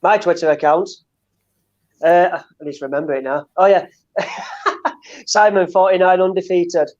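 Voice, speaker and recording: A man's voice: high-pitched, huge pitch swings. Laughing northern English man, lo-fi sound. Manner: laughs often, rapid bursts. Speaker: co-host. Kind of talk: casual football chat.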